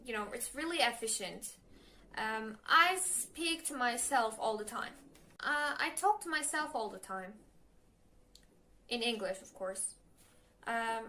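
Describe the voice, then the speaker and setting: A young woman with a Turkish accent, a Turkish native speaker, chatting nervously in a casual advice vlog, halting with many fillers and self-corrections. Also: sits high, sharp tone. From Turkey. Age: young adult. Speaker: language learner vlogger.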